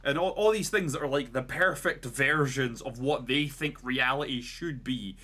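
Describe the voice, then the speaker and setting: A man's voice: mid-range voice, moderate pace, pushed and bright. A man co-hosting a podcast, retelling a story in a casual, rambling way with lots of "like" and "right?". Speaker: podcast co-host.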